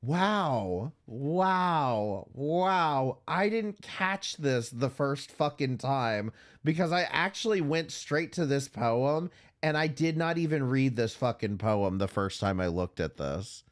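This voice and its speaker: A man's voice: mid-range voice, expressive, takes it slowly. A man hosting a livestream commentary, ranting furiously with heavy profanity and stammering restarts when worked up. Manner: furious, heavily profane, blunt. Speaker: streamer host.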